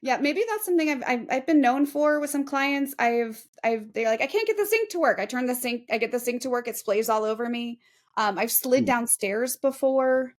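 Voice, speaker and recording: A woman's voice: fairly high pitch, steady tone, moderate pace. A woman in her forties, a real estate agent, chatting in an interview in a self-deprecating, laughing way. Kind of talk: casual interview chat.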